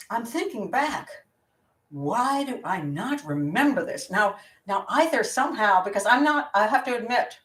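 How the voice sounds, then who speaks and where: A woman hosting a live Q&A as a criminal profiler, talking casually in a blunt, opinionated way, rambling and restarting her sentences. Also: medium pitch. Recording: roomy sound from a distant mic.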